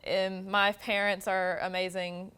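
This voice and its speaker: Young woman, late teens, smooth clear voice, fast-talking, eager, lots of ums. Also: medium pitch, flat delivery, sharp tone. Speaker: high school drumline co-captain. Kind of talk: interview answers.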